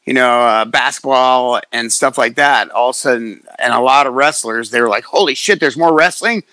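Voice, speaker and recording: Profane, animated man telling fight stories. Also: medium pitch, moderate pace, smooth, dry recording. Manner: profane, animated storyteller acting out quotes. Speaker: guest, fighter. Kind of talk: casual storytelling chat.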